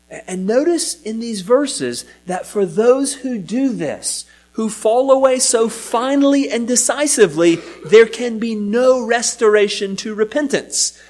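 A man's voice: very high-pitched, sing-song, unhurried. A man preaching a sermon that teaches from scripture, with an emphatic delivery that keeps rising and falling and now and then repeats a word. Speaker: pastor.

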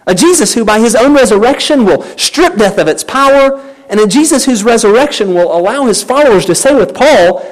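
Animated, earnest preacher man. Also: very high voice, brisk. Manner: earnest, emphatic, addresses listeners as friend. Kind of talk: sermon.

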